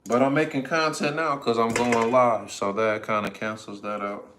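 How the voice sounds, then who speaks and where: A man's voice: mid-range voice, fairly even intonation, normal speed, reverberant, background noise. A man hosting a casual livestream from his home kitchen, chatting easily with viewers while he cooks. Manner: laid-back, chatty, talks to viewers in chat. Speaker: livestream host.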